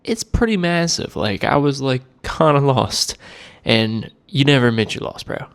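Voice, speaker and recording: A man's voice: mid-range voice, expressive, normal speed, clean tone. A man in his twenties telling a rambling, laid-back story to camera in a casual vlog, with a self-deprecating manner. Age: 20s. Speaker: cigar vlogger.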